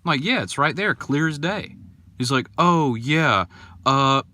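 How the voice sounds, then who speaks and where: A young man hosting a podcast, telling a story in a casual, animated and indignant way, acting out the people in it. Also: fairly high pitch, measured pace. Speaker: podcast host.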